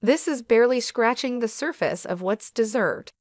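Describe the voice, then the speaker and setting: A woman's voice: a little high, animated, moderate pace, a little mellow, no echo, clean studio sound, close to an everyday voice. A woman voicing a fierce mother confronting her husband in a read-aloud story, firm and indignant.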